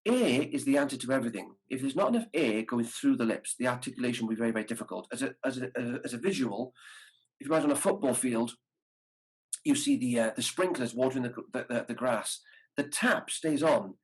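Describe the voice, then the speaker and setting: Brass teacher, male, slightly husky tone; patient, demonstrative masterclass delivery over a video call. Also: medium pitch, fast, poor audio. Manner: demonstrates articulation syllables aloud. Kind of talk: masterclass instruction.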